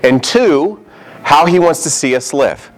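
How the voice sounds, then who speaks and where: Animated man preaching. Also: fairly high pitch, a little slow, low-quality recording. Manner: animated, emphatic preaching with acted-out quotes. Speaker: pastor. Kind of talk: sermon.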